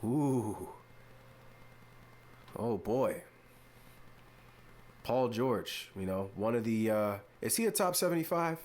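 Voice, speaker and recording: A man's voice: medium pitch, expressive, a little mellow. Man hosting a casual sports podcast. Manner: drawn-out, mock-exasperated, playful emphasis. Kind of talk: casual opinion commentary.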